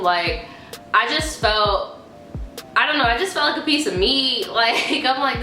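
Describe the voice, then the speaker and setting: A young woman vlogger telling a story in a casual, profane, animated way. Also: a little high, moderate pace. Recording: echoey room, faint music.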